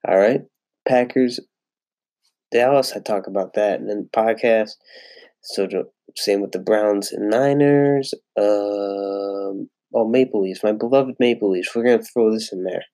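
A young podcast host with a gravelly, creaky, fairly low voice talks through a casual solo sports show at an unhurried, mellow pace. He rambles, swears freely, and fills gaps with "like" and "um." The sound is dry and close, with little room echo.

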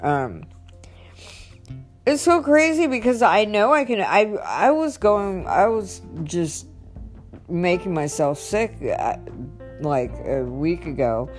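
A young woman rambling candidly in a personal vlog, halting and restarting as she talks about her faith and habits. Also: lowish voice, very animated. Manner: rambling, halting, self-interrupting. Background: soft guitar music.

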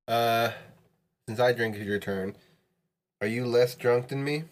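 A man's voice: mid-range voice, unhurried. Tipsy podcast co-host man. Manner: laughing, swearing, slurring as he drinks. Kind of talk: drunken casual chat.

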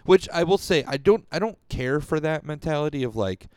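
A man co-hosting a casual music podcast, talking in a rambling, profane way with lively jumps in pitch. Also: brisk, clean tone, no room sound, clean studio sound. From Rochester, New York. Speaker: podcast co-host. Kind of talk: casual chat.

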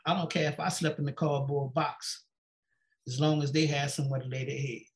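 A man's voice: fairly high pitch, fairly even intonation, fairly quick. A pastor telling his personal story in an interview, repeating "she said" and acting out the dialogue. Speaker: pastor and guest. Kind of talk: personal testimony in a sit-down interview.

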